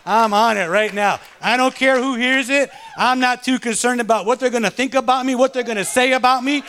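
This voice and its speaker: High-voiced fervent man preaching a sermon. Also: a little fast, pushed and bright, slight background noise. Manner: fervent, punctuates with call-outs to the congregation. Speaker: pastor. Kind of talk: sermon with personal storytelling.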